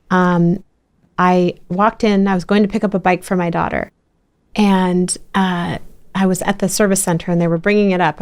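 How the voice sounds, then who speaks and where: Woman, middle-aged podcast host, lively rambling storyteller. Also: lowish voice, clean tone. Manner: animated storyteller with many restarts. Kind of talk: casual interview chat.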